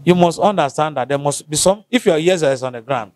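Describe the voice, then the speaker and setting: Nigerian guy answering questions, halting, keeps restarting, dry close sound. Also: a little high, lively intonation, darkish tone, no echo. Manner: halting, restarts often, slow to find words. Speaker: interviewee from the local community. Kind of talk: casual interview answers.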